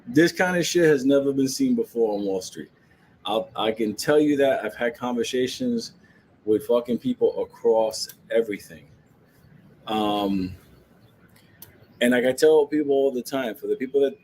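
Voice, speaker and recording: A man holds forth in a loose, profane rant, joking and laughing as he talks about the market. His voice sits at an everyday middle pitch. A faint background hiss runs under the recording. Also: a little mellow, low-quality recording. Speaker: stock market commentator.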